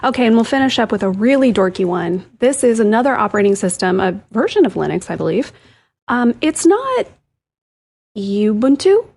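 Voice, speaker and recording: Female co-host, husky and breathy, chatty and quick to laugh. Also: on the high side. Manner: animated, giggly. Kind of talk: casual chat.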